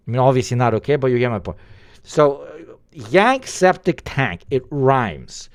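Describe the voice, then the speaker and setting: A man's voice: mid-range voice, big pitch swings, normal speed, dry recording, clean studio sound. A man streaming live, reacting with rambling, incredulous commentary and frequent stammered restarts.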